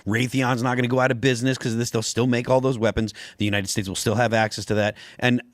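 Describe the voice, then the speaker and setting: A man's voice: medium pitch, little pitch movement, fast talker, no room sound, clean studio sound. Hesitant man co-hosting a talk show. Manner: hesitant, restarts often. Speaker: podcast co-host. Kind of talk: casual political chat.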